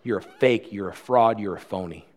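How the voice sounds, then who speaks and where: A preacher voicing a sneering devil who whispers accusations in the ear, in a hushed, low, contemptuous tone. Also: male voice, normal speed, natural voice. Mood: accusing.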